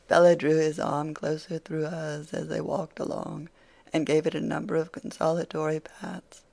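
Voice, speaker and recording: Gravelly audiobook narrator. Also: mid-range voice, normal speed. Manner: steady storytelling. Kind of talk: scripted narration.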